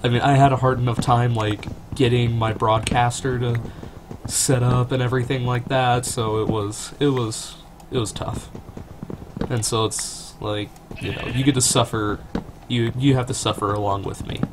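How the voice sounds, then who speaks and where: A man's voice: steady tone, moderate pace. A young man giving a rambling, self-deprecating, casual let's-play commentary from his computer at home, on a cheap mic. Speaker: gaming channel host. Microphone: cheap desktop mic near keyboard. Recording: noisy low-budget home recording.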